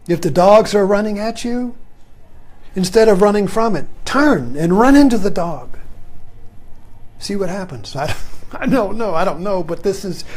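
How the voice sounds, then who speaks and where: A man with a fairly high voice gives a meditative spiritual talk in a loose, conversational way. He rambles and circles back, often ending a thought with a soft, low "you see.". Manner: repeats "you see" softly, drops low at phrase ends. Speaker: spiritual teacher.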